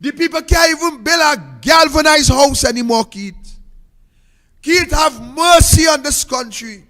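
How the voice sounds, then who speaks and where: A man's voice: very high-pitched, lively intonation, measured pace, pushed and bright, long reverb tail. A man with a Trinidadian accent, hosting a political commentary show and pleading with a sing-song, preaching cadence. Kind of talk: impassioned political plea.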